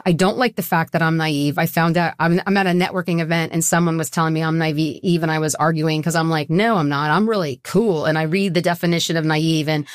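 Earnest middle-aged woman, low voice. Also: flat delivery, fairly quick, no echo, clean studio sound. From Southwest Florida. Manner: earnest, personal, emotional storytelling. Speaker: guest, nonprofit co-founder. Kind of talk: casual interview conversation.

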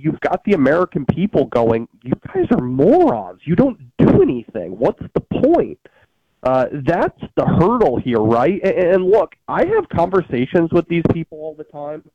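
A man's voice: medium pitch, no room sound. Guy ranting about politics on a talk show, lots of uhs, dry muffled mic. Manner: emphatic, lots of "uh" fillers and restarts. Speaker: political commentator.

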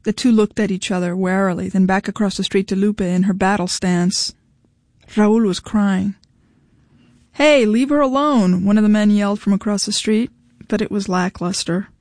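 A woman reading a novel aloud in measured storytelling narration. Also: medium pitch, level tone, mellow, no room sound. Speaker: audiobook narrator. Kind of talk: scripted narration.

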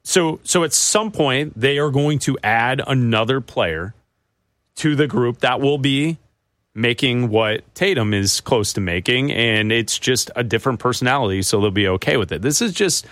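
A man hosts a sports talk radio show with a conversational delivery. His voice sits at an ordinary middle pitch. It is recorded dry and close, with no room sound. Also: normal speed, fairly bright tone, no echo. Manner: conversational, takes callers.

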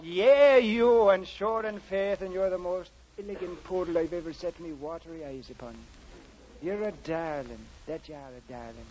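A man's voice: high voice, normal speed, darkish tone, close to an everyday voice. An actor playing a jolly Irish cop turned into a male Irish setter dog, with a put-on Irish brogue, flirty and chuckling, in a 1940s radio comedy. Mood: flirtatious. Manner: blarney-filled, chuckling, flirtatious. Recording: dull noisy old radio recording.

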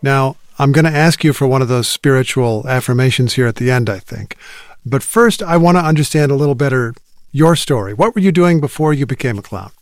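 A man's voice: mid-range voice, animated, fairly quick, no room sound, studio quality. Curious, playful male interviewer. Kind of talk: narrated interview report.

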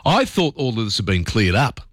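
A man's voice: lowish voice, sing-song, brisk, no room sound, studio quality. An Australian man hosting talkback radio, talking through his opinions in a conversational, opinionated way with plenty of fillers.

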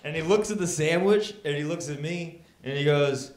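Guy doing stand-up in a club, slightly high voice, echoey room, lots of crowd laughs. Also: moderate pace. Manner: animated, acts out scenes with rising outbursts. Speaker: stand-up comedian. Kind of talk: stand-up storytelling. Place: comedy club stage. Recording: roomy club with laughing audience.

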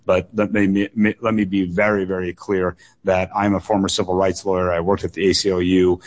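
Earnest low-voiced candidate, repeats for emphasis. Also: male voice, level tone, fairly quick. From United States. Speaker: political candidate, guest. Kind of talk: radio call-in interview.

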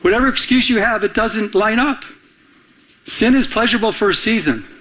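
A middle-aged pastor delivers a conversational sermon in a high-sitting male voice, moving at a moderate pace with a fairly bright tone. He fires off rhetorical questions and calls on the congregation to answer.

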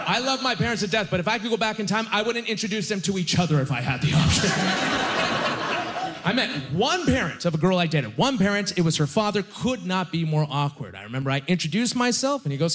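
A man's voice: high-pitched, big pitch swings, fairly bright tone. Self-mocking male stand-up comedian on stage. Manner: self-deprecating, conversational storytelling with quick asides. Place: comedy stage before a laughing audience.

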